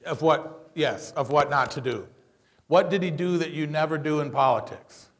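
A public speaking trainer lecturing a class, his voice pitched quite high for a man. He talks in an animated way and slips into dramatized voices when he acts out what a speaker should have said. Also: normal speed. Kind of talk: classroom lecture analyzing a video.

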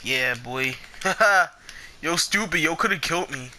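A young man giving casual gameplay commentary, excitable and foul-mouthed, trash-talking the players he fights. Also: a little high, normal speed, background noise. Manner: excitable, swears a lot, trash-talks opponents.

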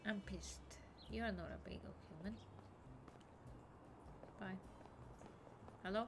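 A woman streaming a video game, chatting excitedly, swearing and talking to the characters on screen. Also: medium pitch, slow pace, background noise. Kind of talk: casual game commentary.

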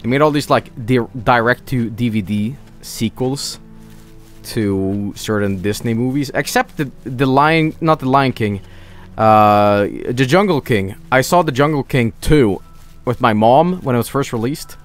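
A man's voice: mid-range voice, expressive, unhurried, faint music behind. A young man streaming a game late at night, sleepy and rambling, with an itchy throat from hay allergy. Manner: rambling, drowsy, trailing off. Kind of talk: casual gameplay chat.

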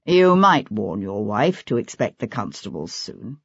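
A woman voicing a composed aristocratic young man in an audiobook, speaking low and measured. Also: big pitch swings, breathy edge, dry recording, dull audio, full character voice.

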